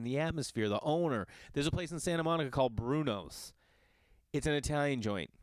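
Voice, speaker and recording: A man who is a father, hosting a podcast and telling a long casual story in an animated, exasperated and profane way. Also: mid-range voice, no echo. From Los Angeles area. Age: adult with children. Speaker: podcast host.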